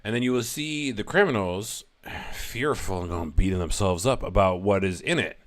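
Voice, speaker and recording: A man's voice: on the low side, lively intonation, normal speed. A man giving casual verse-by-verse scripture commentary, thinking aloud with light self-deprecating humor. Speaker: religious commentator.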